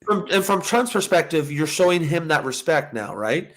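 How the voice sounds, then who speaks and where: A podcast co-host rambles through his points and closes out the episode of a casual political talk show. His voice is fairly high and fairly bright, animated at a normal speed, with lots of fillers and restarts.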